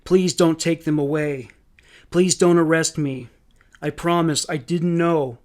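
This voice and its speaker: A man's voice: on the high side, fairly even intonation, measured pace, darkish tone, natural voice. A man reading as a distraught pleading mother. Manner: pleading, broken questioning answers read aloud. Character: distraught mother under police questioning.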